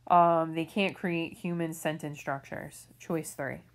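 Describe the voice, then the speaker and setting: A woman's voice: sits low, fairly even intonation, slow pace, a little hiss or hum. A woman teacher walking students through reading questions in a recorded lesson, patient and explanatory, often checking in with "okay?". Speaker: English teacher. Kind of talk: recorded remote lesson walkthrough.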